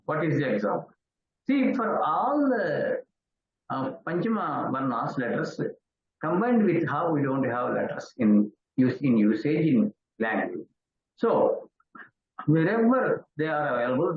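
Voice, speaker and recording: Slow, lively older Indian man lecturing. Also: fairly high pitch. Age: 60s. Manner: halting, with frequent pauses and fillers. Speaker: Sanskrit professor. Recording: roomy, dull lo-fi recording.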